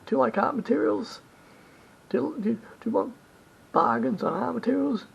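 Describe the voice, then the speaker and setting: A travel vlogger with a creaky, husky voice and lively intonation rambles through advice at a moderate pace, repeating himself and correcting his words as he goes. The recording is dull and lo-fi, with a faint rumble.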